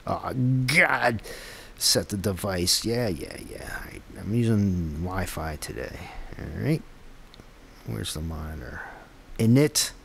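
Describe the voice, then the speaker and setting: A man's voice: low voice, animated, slow pace, vocal fry, fairly bright tone, a little hiss or hum. Man muttering through buggy app testing. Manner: muttering, frustrated, talks to himself while debugging; rambling, self-deprecating asides. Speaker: app developer vlogger. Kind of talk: casual screen-recorded tech vlog.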